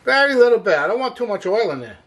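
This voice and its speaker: Upbeat chatty chef, lively pitch. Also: male voice, fast talker. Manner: chatty, upbeat, frequent "hey" and "woo". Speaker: cooking show host, chef. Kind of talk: casual cooking demonstration.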